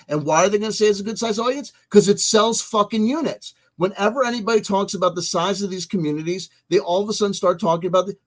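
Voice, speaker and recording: A man hosting a vlog, ranting emphatically with profanity and swinging between loud outbursts and soft asides. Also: high-pitched. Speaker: host.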